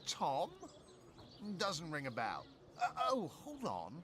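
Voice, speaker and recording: A pompous, scatterbrained guild official from a video game, speaking slowly with grand, theatrical swoops in pitch. He sounds flustered and self-important. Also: huge pitch swings, bright, forceful tone, a little hiss or hum, heavily acted. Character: pompous, absent-minded male guild official.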